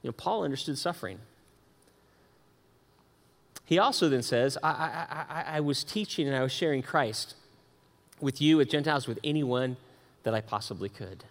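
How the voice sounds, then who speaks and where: Animated preacher in a reverberant hall. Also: male voice, mid-range voice, moderate pace, pauses often. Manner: animated, repeats words, asides to the congregation. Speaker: pastor. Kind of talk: sermon.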